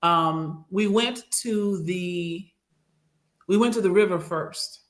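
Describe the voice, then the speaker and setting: A woman recounting a personal trip in casual podcast chat, animated and acting out what others said, on a studio microphone. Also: on the low side, slow pace. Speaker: regular co-host and guest.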